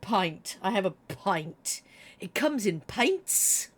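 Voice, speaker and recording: A woman's voice: mid-range voice, big pitch swings, slow pace. A middle-aged woman streaming a game, chatting casually and giggling as she reads chat, with a slightly froggy throat. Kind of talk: casual live-stream chat while playing.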